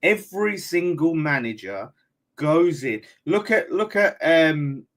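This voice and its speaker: A man's voice: a little high, big pitch swings, slow pace, fairly bright tone. A man hosting a live-streamed football fan chat, talking casually and swearing freely. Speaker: fan channel host.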